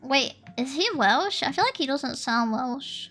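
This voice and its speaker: A woman with a bright, high voice, talking casually to her stream viewers. She rambles, giggles and thinks out loud as she goes. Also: expressive, unhurried, faint music behind.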